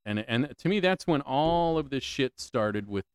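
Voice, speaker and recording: On his solo podcast, a man with a smooth, mid-range voice sounds animated yet keeps a measured pace. The close mic leaves no echo as he rants, swears plenty, repeats his questions, and stammers through restarts.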